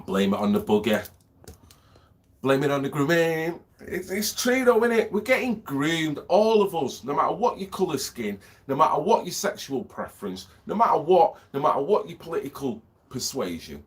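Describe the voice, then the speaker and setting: A man's voice: a little high, big pitch swings, normal speed. A man, a vlogger with a lingering cough, rambling and ranting, swearing freely and asking if you know what he means. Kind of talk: rambling monologue.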